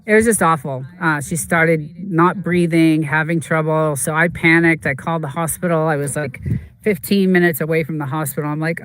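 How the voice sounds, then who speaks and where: Streamer just chatting, rambly and halting, lots of ums. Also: medium pitch, steady tone, a bit bright, clean tone. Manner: rambling, halting storytelling full of fillers. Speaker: livestream host. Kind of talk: casual chat while streaming a game.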